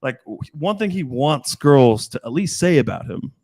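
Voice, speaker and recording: A man's voice: medium pitch, lively intonation, normal speed, vocal fry, a little mellow, husky. A middle-aged man, a dating coach, talking in a blunt, profane casual chat and acting out the people he quotes.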